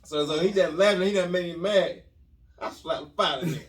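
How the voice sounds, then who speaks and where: An animated man telling a comic story, full of slang and repeated phrases. His voice sits a little high for a man. The recording catches him from a little way off the mic. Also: a little fast, far from the mic. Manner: lively, repetitive, restarts phrases with slang. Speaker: podcast host telling a story.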